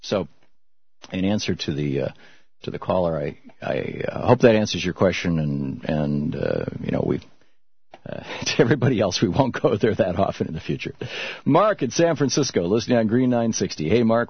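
Husky middle-aged man hosting talk radio. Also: sits low, sing-song, no echo. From Michigan, US. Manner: reflective storytelling, halting with restarts. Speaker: radio talk show host. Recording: dull muffled radio broadcast.

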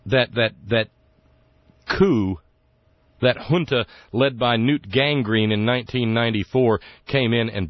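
A man's voice: lowish voice, no room sound, highs cut off. A man hosting a political talk radio show, indignant and sarcastic, rambling through his points with fillers.

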